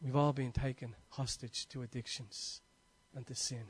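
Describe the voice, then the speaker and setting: A man with an Irish accent preaching a sermon, telling stories with passion and swinging between loud and hushed delivery. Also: mid-range voice, level tone, moderate pace, breathy edge.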